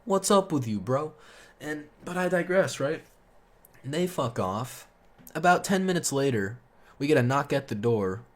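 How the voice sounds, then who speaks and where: A man's voice: medium pitch, expressive, moderate pace. A young man telling a casual storytime monologue, rambling and swearing, full of fillers, heating up when indignant. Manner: rambling, profane, heavy on fillers; gets loud and heated when indignant.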